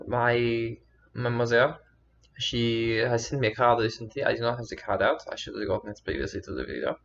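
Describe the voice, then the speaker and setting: Rambling, halting man vlogging. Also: medium pitch, creaky, fairly bright tone, dull audio, a little hiss or hum. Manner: rambling and halting, many fillers and restarts. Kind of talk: casual storytelling to camera.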